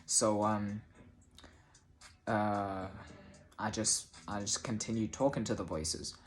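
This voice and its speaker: A man's voice: on the low side, fairly even intonation, slow. Hesitant man telling a personal story. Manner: hesitant, many restarts and fillers, casual swearing. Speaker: vlogger.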